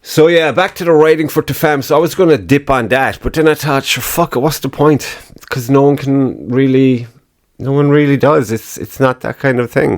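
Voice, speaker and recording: A man's voice: medium pitch, moderate pace. A man hosting his own podcast in casual solo chat, rambling, swearing freely and laughing at his own remarks. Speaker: podcast host.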